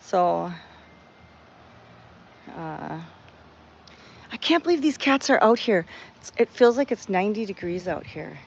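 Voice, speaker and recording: A woman's voice: mid-range voice, highs cut off. A woman chatting to her viewers outdoors at a cat sanctuary, telling a rambling story with frequent restarts.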